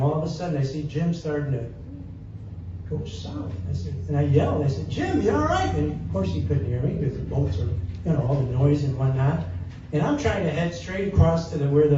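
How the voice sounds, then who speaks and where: A man's voice: on the high side, background noise. A man, a songwriter and society president, telling rambling anecdotes to a live audience between songs. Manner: chatty, rambling anecdotes with fillers and audience asides. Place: community hall with live audience. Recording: far-off, echoey, dull hall recording.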